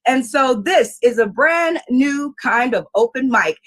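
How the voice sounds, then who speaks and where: Female host of a live comedy show, high pitch, slow playful delivery. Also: animated, a bit bright.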